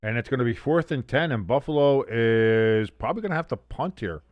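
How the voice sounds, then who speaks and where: A man's voice: medium pitch, lively intonation, a little fast, dry recording, dull audio. A man hosting a casual sports watch-along stream, doing joking, profane play-by-play and banter. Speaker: livestream host doing play-by-play.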